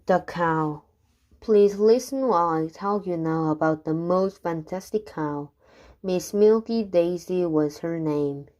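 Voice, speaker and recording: A woman reading rhyming children's poems aloud, unhurried, now and then stumbling and restarting a word. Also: on the low side, mellow. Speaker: reader.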